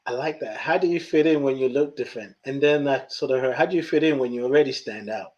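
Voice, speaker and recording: A man's voice: medium pitch, fast, lo-fi sound. A man from Nigeria with a mixed Nigerian, British and Southern US accent, hosting a podcast and telling stories in casual conversation. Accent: Nigerian, British and Southern US mix. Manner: animated storyteller, acts out quoted voices. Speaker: podcast host.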